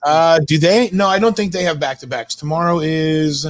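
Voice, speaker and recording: Man hosting hockey watch-along, casual commentary, slightly high voice, dry close sound. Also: normal speed, dry recording. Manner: chatty, rattles off player names. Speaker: stream host. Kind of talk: casual live game commentary.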